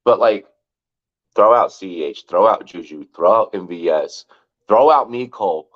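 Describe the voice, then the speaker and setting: Rambling low-voiced man on sports talk. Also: animated, normal speed. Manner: rambling, stacks of "like" and repeats, swearing. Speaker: fantasy football podcast host. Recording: dull lo-fi sound.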